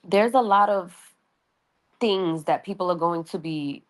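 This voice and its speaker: A woman's voice: fairly low pitch, unhurried. A woman with a New York accent giving a casual, chatty astrology reading, often checking in with the listener. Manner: chatty, loose, asks "right?" often. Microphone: audio only, no video.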